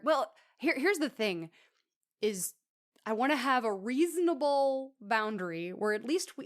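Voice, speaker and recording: A woman speaking in a middle register, chatting on a podcast about acting. She talks animatedly and often breaks into laughter between points. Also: medium pitch. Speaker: theater actor. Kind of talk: casual podcast chat.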